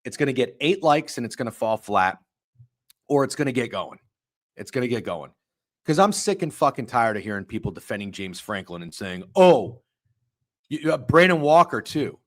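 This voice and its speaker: A man's voice: sing-song, brisk. A man hosting a live sports stream, ranting with heavy profanity and sudden heated outbursts while reading chat. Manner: profane, heated ranting with big pitch swings. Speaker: sports betting stream host.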